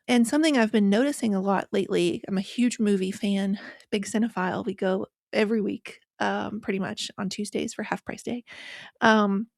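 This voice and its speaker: A woman's voice: mid-range voice, creaky, darkish tone, no echo, clean studio sound. A woman hosting a podcast interview, chatty and conversational, with many filler words. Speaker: podcast host.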